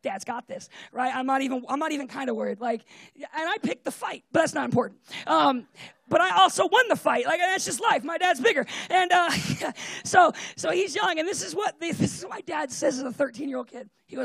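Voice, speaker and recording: Casual preacher, high and gravelly, chatty and animated, tags lines with "right?". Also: a little fast, dry recording. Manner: animated, fillers of "like" and "right?", often laughs. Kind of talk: casual conversational sermon with personal stories.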